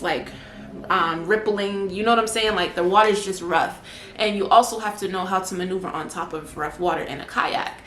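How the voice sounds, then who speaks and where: A young woman telling a personal story in a casual vlog, chatty and full of fillers. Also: mid-range voice. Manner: chatty, animated, many fillers. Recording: echoey room, faint background noise.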